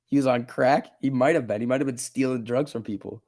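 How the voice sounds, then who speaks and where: A man's voice: medium pitch, brisk, a little mellow. A man hosting a casual stock market livestream, chatting and laughing often as he reads chat and tells stories. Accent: New Jersey.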